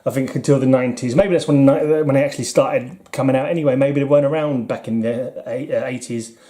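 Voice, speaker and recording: Rambling middle-aged British man, mellow. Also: mid-range voice, steady tone, a little fast. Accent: British English. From United Kingdom. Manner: rambling, self-deprecating, chuckles often. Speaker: comic collector vlogger. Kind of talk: casual chat while flipping through comics.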